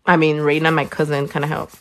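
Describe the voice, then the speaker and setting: On her livestream, a young nail tech chats as she works, animatedly telling stories, swearing freely and breaking into squeaky high voices. She talks fast in a monotone that's a bit bright.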